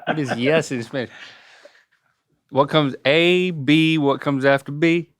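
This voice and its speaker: A man's voice: on the high side, unhurried. A man in his forties on a casual podcast, playfully coaching his father through pronunciations and spelling words out letter by letter. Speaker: podcast co-host, son quizzing his father. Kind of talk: casual chat.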